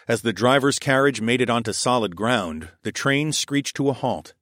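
Brief: young male audiobook narrator, mid-pitched, steady storytelling, very dry close sound. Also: normal speed, dry recording. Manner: steady storytelling, voicing his own lines louder and higher. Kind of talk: first-person audiobook narration.

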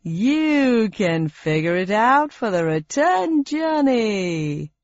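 Sing-song beaming game show man, voiced by a woman, showy and slick, lively swoops, dull dry sound. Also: a little high, slow pace, dry recording, exaggerated voice. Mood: smug. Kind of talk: audiobook character voice.

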